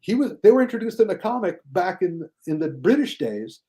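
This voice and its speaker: A man talking casually as a guest critic on a podcast, enthusiastic, and mocking critics in a high whiny voice. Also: sing-song, fairly quick, mellow.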